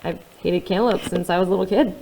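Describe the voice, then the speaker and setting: Expressive woman reading a first-person novel. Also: fairly low pitch, quick pace, creaky, very noisy. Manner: expressive, swinging between hushed and loud. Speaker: audiobook reader.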